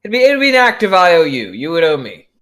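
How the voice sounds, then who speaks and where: A man's voice: high voice, wildly swooping pitch, a bit bright. A man playing a tabletop role-playing game, speaking in character with many fillers and restarts. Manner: halting, full of fillers and restarts. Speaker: player.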